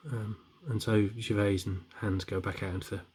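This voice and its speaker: A man's voice: lowish voice, little pitch movement, moderate pace, a little mellow, husky. A middle-aged man telling long shaggy-dog jokes in a rambling way, with many restarts. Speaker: joke teller.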